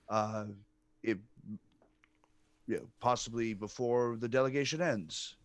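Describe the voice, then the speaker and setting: A man at a tabletop game, speaking hesitantly and haltingly. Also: medium pitch, clean tone, no room sound.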